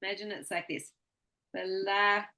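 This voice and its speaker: A woman teaching pronunciation one-on-one, patiently modeling words slowly and clearly for her student. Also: mid-range voice, lively intonation, loud music behind the voice.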